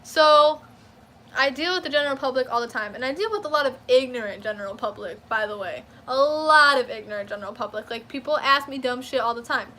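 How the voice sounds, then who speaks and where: High, bright-voiced young woman ranting. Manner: profane, animated, quick to flare up. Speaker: vlogger. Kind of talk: casual storytime rant.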